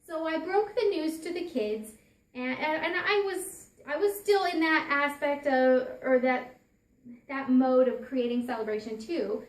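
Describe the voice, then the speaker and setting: Woman, high voice, roomy echo; earnest parent storyteller who restarts her sentences. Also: measured pace. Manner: earnest, restarts and repeats phrases. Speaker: parent giving a talk. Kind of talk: personal storytelling talk.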